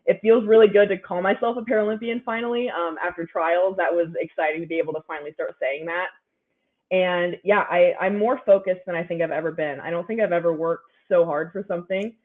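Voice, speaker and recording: A woman's voice: fairly low pitch, a little fast. A young woman in her twenties, an athlete guest giving upbeat, chatty interview answers full of "like"s. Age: 20s. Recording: phone-like narrow line.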